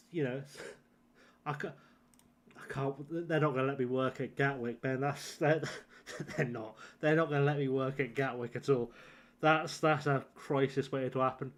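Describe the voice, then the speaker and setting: A man's voice: medium pitch, steady tone, moderate pace. A young man streaming a game, chatting casually in a rambling, self-deprecating way and chuckling often. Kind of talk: casual gaming livestream chat.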